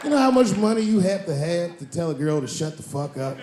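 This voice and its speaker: A man's voice: fairly high pitch, very animated, fairly quick, a crowd in the background, background noise. Profane man doing stand-up storytelling. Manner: storytelling with bursts of emphasis, profane. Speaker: stand-up comedian. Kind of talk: stand-up comedy set.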